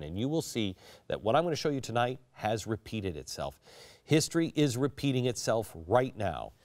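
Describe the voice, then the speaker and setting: A middle-aged man delivers a televised political monologue in a highly animated voice that climbs and plunges. He swings between hushed, slow warnings and forceful emphasis, and the sound is close and dry with no room around it. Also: no echo. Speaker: host.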